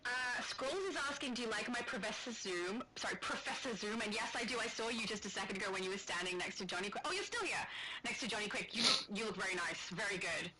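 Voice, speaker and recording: A woman's voice: medium pitch, expressive, fast talker, very noisy. A woman co-hosting a game livestream, chatting casually, laughing easily and reading out viewer questions. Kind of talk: casual chat.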